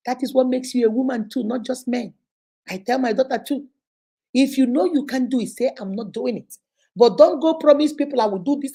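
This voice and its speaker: A middle-aged Nigerian woman lectures her viewers on friendship in a lively, preachy vlog voice, slipping into the voices of the people she quotes. Her tone is mellow and warm, pitched a touch high for a woman. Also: slightly rough, poor audio. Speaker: vlogger giving life advice. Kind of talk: motivational talk to camera.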